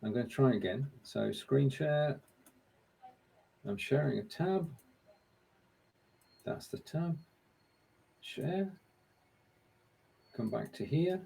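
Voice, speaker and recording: Guy with a bit of gravel in his voice running a live quiz stream, chatty, talks to himself while clicking around. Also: medium pitch, expressive, takes it slowly, pauses often, warm tone, rough recording. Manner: mutters to himself while working the screen share; friendly, upbeat quizmaster. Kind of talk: casual live-stream chat.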